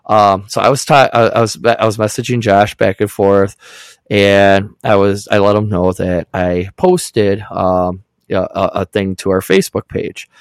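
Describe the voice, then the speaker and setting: A man's voice: lowish voice, unhurried, clean tone, dry recording. A middle-aged man co-hosting a podcast, telling stories and acting out text messages in casual chat. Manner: storytelling, acts out text exchanges. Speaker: podcast co-host.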